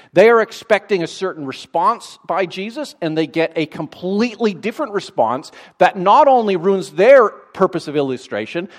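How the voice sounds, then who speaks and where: A man preaching a sermon in a conversational way, with dry sarcastic asides. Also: sits high.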